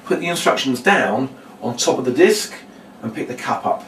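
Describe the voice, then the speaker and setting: A man, a children's magician, demonstrating a trick step by step and acting out his patter with a brighter voice. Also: expressive, normal speed, a little hiss or hum. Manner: explains step by step, then acts out his patter in a bright, higher voice. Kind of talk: demonstration lesson. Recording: echoey room, mic at a distance.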